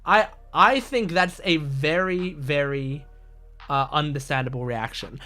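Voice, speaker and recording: A man's voice: a little high, a little slow, bright, forceful tone, faint music behind. A young man giving casual commentary on an anime episode, talking in an earnest, gushing, rambling way with many restarts. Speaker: anime reaction host.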